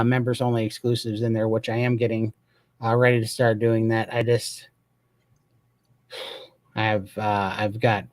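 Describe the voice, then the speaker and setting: An earnest, emphatic man from Montana hosts a live Q&A and talks like he is telling a story. His voice sits at a middle pitch, and the sound is dry and close. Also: dry recording. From Montana, USA. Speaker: host. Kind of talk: live Q&A chat.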